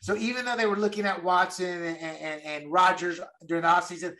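A man's voice: high voice, fairly even intonation, a little fast, fairly bright tone. A man co-hosting a podcast, chatting casually and emphatically about football and repeating words as he goes. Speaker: podcast co-host. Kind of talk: casual sports chat.

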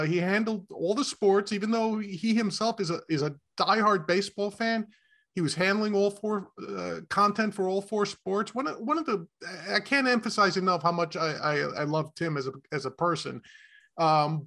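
A man's voice: sits high, fairly bright tone. A man with a New York accent hosting a sports podcast, chatty and effusive, with many fillers. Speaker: podcast host. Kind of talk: casual sports chat.

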